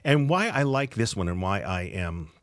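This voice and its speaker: A man from South Coast New England co-hosts a food podcast, chatting casually with enthusiasm and explaining things. His low voice swings widely in pitch at a moderate pace, captured in a dry, studio-quality recording.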